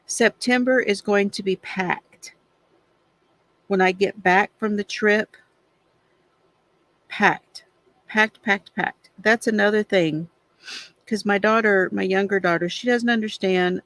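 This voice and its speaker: A woman's voice: medium pitch, fairly even intonation, a little slow, a bit bright, no room sound. A middle-aged woman hosting a craft livestream, chatting casually and confidingly while she colors, with frequent sighs. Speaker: craft channel host.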